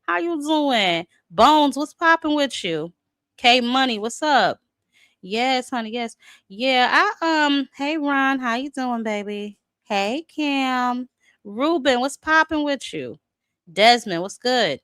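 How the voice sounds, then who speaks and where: A woman's voice: high-pitched, expressive, slow, fairly bright tone, clear, resonant tone, no room sound, clean studio sound. Chatty woman hosting a boxing livestream. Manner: chatty, greets viewers by name, talks to chat. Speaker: boxing channel host. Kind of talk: casual livestream chat.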